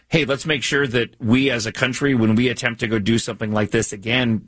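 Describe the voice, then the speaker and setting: A man's voice: on the low side, a bit bright, slightly rough, no echo. A man co-hosting a talk radio show, rambling with fillers and restarts. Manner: rambling, many fillers and restarts, laughs easily. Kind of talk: casual talk radio banter.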